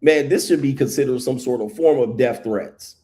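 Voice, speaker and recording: A man's voice: mid-range voice, moderate pace, warm tone. Blunt, mocking male reaction commentator. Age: adult past his first marriage. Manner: blunt, mocking, swears freely.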